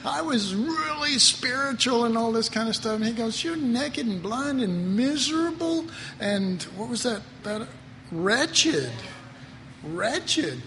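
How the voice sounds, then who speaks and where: A man giving an informal Bible teaching, playful and animated, acting out quotes with humor. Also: extremely high pitch, takes it slowly. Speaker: preacher. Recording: reverberant hall, faint noise.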